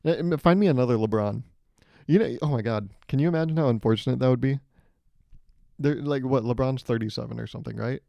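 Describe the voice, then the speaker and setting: A man's voice: medium pitch, fast, gravelly, mellow, no echo. A young man hosting his own podcast, talking alone into a microphone in a rambling, self-mocking comedic way and laughing at his own jokes. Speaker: podcast host. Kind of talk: solo comedic podcast monologue. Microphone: studio microphone, hears himself in headphones.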